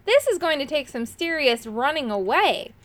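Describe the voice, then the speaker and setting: A woman's voice: sits high, sing-song, normal speed, fairly bright tone, voice pushed up. A woman reading a storybook voices a gloomy, grumbling male animal sidekick who groans his lines. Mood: alarmed.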